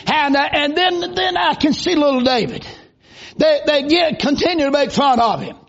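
A man preaching a revival sermon in church, folksy and rising into shouted bursts. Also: very high-pitched, moderate pace. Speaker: visiting preacher. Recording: dull lo-fi recording.

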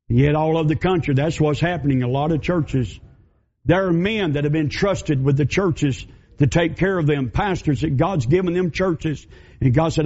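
A man preaching a sermon in a high voice. He tells stories in a folksy way and builds to fiery warnings. The recording is dull and lo-fi. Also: normal speed, a little mellow, husky. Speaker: pastor.

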